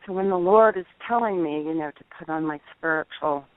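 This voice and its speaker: A middle-aged woman calling in, telling a personal testimony in an earnest, halting way, over the phone. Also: low voice, no room sound. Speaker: caller. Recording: tinny dry phone line.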